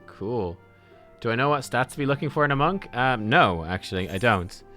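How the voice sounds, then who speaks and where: A man's voice: medium pitch, expressive, moderate pace, bright, forceful tone, faint music behind. A man giving casual let's-play commentary, rambling and self-deprecating as he thinks aloud. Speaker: gaming video creator.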